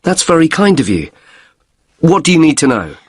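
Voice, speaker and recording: A man playing a polite hotel guest in a scripted exam dialogue, spelling out letters slowly and deliberately. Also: fairly high pitch, big pitch swings, husky, no room sound. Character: polite British man with broken wrist checking in.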